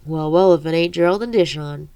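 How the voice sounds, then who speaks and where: A cruel, soldierly man taunting his captives, as a woman reads him. The voice is low and gravelly. It is recorded dry and close. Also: a little fast, dark tone, no room sound. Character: smug, cruel male soldier-like villain.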